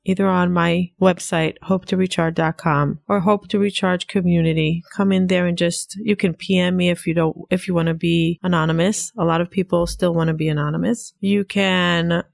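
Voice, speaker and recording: Gravelly-voiced earnest woman podcaster. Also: fairly low pitch, steady tone, normal speed, hardly any pauses, no room sound, clean studio sound. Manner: earnest, warm-hearted, speaks in repetitions. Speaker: podcast host. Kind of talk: solo podcast talk.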